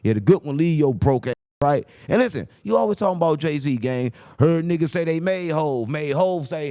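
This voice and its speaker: A man delivers a mocking rant with a fairly high, very animated voice that leaps between loud jabs and low asides. He repeats his taunts over and over. The sound is dry and close, with no room around it. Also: quick pace, no room sound. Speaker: commentary host. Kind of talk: rant-style commentary.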